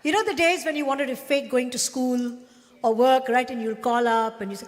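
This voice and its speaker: A woman's voice: sits high, moderate pace. A woman leading a live audience at a devotional celebration, talking in a playful, coaxing, teacherly way. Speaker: song leader at a devotional celebration. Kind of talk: lively talk leading children and audience. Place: large event hall, live audience. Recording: long hall reverb with faint music.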